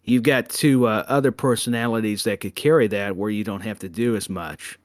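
A man's voice: lowish voice, brisk, dry recording, clean studio sound. A man co-hosting a casual wrestling podcast, friendly and teasing, stumbling on the first words of his sentences. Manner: friendly, teasing, stammers on starts. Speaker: podcast co-host. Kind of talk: casual chat.

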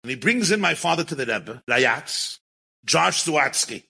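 Man, storytelling talk, animated, husky, slightly high voice. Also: a little slow, poor audio. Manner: animated, mixes Yiddish and Hebrew words into English. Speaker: rabbi and storyteller.

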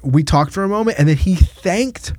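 A man with a slightly raised voice tells a story as a pastor would, animated and acting out every quoted line. The sound is dry and close to the mic, with no room around it. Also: high voice, moderate pace, no echo. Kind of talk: casual podcast storytelling.

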